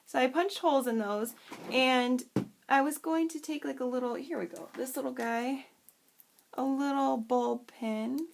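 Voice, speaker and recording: A woman's voice: high-pitched, measured pace, gravelly, slight background noise. A woman hosting a crafting tutorial, chatty and bubbly, who rambles and often loses her train of thought. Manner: bubbly and self-deprecating. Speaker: craft channel host.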